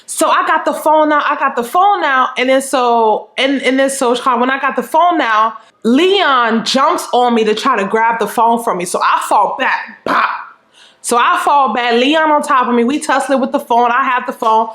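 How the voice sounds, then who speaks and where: High-voiced woman telling a lively story. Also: moderate pace. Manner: animated and profane, acts out scenes with quoted remarks. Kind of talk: casual storytime chat. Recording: roomy echo.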